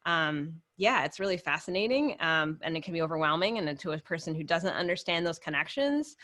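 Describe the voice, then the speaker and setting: A woman clinician explaining in a casual professional discussion, chatty and quick to laugh, often acting out what patients say. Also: low voice, animated, fairly bright tone, no room sound. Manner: chatty, laughs often, acts out quoted voices.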